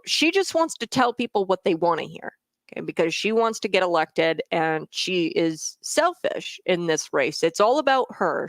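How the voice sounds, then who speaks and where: A woman's voice: medium pitch, no echo. A woman hosting talk radio, giving blunt, scornful political commentary peppered with "uh" and "okay?". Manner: blunt and scornful, with frequent "uh" fillers and "okay?" tags.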